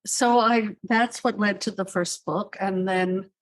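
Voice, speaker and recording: An older woman speaking as a psychiatrist guest in an interview, telling her story in a measured, thoughtful way with dry asides. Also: medium pitch, steady tone. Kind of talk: reflective interview answers.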